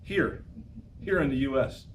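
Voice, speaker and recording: A man teaches a college class, urging his students on with lively, repetitive exhortations. He sounds distant from the microphone. Faint room noise hums behind him. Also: medium pitch, unhurried. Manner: energetic, exhorting, repeats phrases. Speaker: professor. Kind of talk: classroom lecture.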